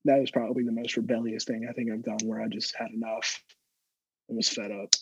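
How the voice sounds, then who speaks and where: A man's voice: fairly low pitch, flat delivery, a little fast, a little hiss or hum, poor audio. A young man co-hosting a podcast, telling a story in casual chat, rambling and repeating words as he goes. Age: young adult. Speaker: podcast co-host.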